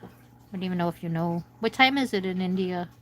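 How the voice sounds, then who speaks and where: A woman's voice: on the low side, fast, a bit bright, rough recording. Chatty American woman rambling on a livestream. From United States. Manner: rambling, chatty, talks to viewers' comments. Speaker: livestream host. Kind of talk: casual chat while coloring.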